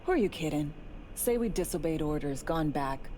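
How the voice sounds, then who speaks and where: A woman voicing a hardened, wary female ex-spy in video game dialogue, speaking in a low, gravelly way. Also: lively intonation, moderate pace, mellow, slight background noise. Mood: wry.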